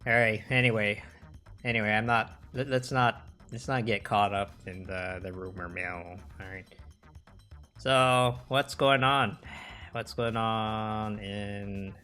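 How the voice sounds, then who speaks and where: A man's voice: fairly low pitch, a little slow, bright, forceful tone, soft background music. A young man rambling casually on his livestream, swearing and restarting his sentences. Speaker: livestream host.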